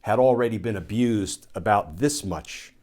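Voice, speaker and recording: A former Army lawyer from the United States, a man giving solo commentary, explaining points in a measured way and restating phrases for emphasis. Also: fairly low pitch, a little mellow.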